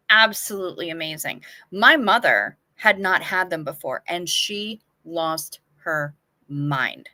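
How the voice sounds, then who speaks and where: A woman's voice: medium pitch, sharp tone, no room sound. A woman hosting a casual livestream, chatting frankly and swearing freely as she answers viewer comments. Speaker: livestream host.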